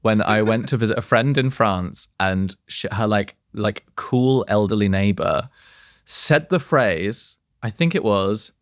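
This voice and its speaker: A man's voice: on the low side, unhurried, no echo. Wry man giving dry podcast advice. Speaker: podcast co-host. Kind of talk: casual comedic chat.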